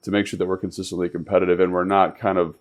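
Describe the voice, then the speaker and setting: A man with a very deep voice co-hosts a sports talk show and breaks down football as a former player and coach. He talks emphatically, like a coach instructing players, and often circles back to repeat his point. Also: level tone, rapid-fire. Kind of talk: casual football analysis.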